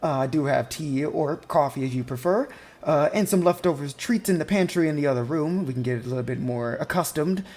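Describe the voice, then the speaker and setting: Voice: medium pitch, brisk, darkish tone, lightly acted. A game master voicing a small, busy female Harvin clerk who talks politely with many fillers. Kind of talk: tabletop game role-play.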